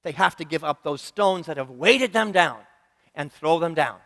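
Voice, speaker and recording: A man's voice: fairly high pitch, lively intonation, normal speed, a bit bright. A male minister, preaching a sermon in a church and putting questions to the congregation, with earnest, rhythmic repetition. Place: church sanctuary. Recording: reverberant church hall.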